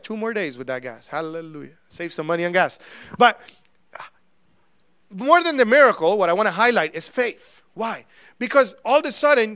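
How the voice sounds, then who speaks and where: A male pastor preaching a sermon, telling personal stories in a lively way and acting out the dialogue in them. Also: high voice, clear, resonant tone, dry recording. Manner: animated storytelling, acting out quoted dialogue.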